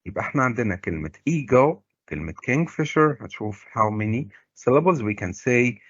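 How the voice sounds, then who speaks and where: A middle-aged Egyptian man, a native Arabic speaker, teaching a recorded English lesson. He pulls words apart slowly to stress each syllable and sometimes explains in Arabic. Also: mid-range voice, animated, a bit bright, slightly rough, no echo. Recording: dull, lo-fi dry recording.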